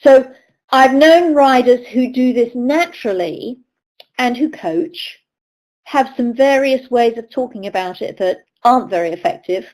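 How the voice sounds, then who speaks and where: A woman's voice: a little high, expressive, measured pace, darkish tone, low-quality recording. A middle-aged woman from the UK, a riding coach giving a webinar lecture, telling anecdotes and acting out the voices of people she quotes. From United Kingdom. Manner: storytelling, acts out quoted voices.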